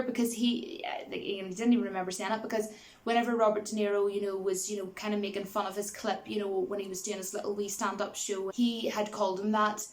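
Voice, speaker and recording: A woman's voice: mid-range voice, fairly even intonation, fairly quick. A woman giving a casual spoken movie review, rambling with many fillers and laughing easily as she retells scenes.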